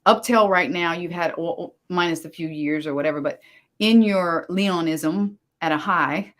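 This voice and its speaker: A woman hosting an interview, asking measured, probing questions about relationships. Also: on the low side. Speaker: host, relationship coach.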